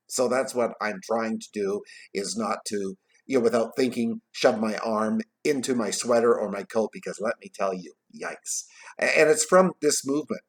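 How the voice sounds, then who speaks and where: A man casually retelling a classic story in a vlog, tossing in jokey asides and trailing off quietly at the ends of his thoughts. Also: mid-range voice, normal speed. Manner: chatty, jokey, adds asides while retelling. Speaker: vlogger reading a classic novel aloud.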